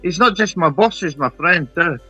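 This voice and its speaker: A man in his thirties holds forth in casual chat with a bright, forceful voice. He is blunt and sweary and keeps checking in with "right?". Faint music plays underneath. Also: fairly high pitch, expressive, moderate pace, slightly rough, muffled recording. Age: 30s. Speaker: guest on live stream.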